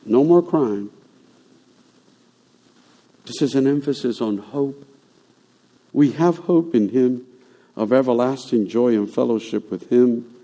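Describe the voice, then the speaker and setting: A man's voice: medium pitch, slow, long pauses, dark tone. A man preaching a sermon as pastor, talking to the congregation conversationally and then building to emphatic, repeated declarations. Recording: long hall reverb.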